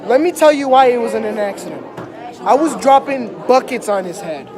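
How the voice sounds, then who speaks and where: A man's voice: very high voice, expressive, normal speed. A young man telling an exaggerated comic story to an audience, rambling into mock-dramatic asides. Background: crowd, laughter.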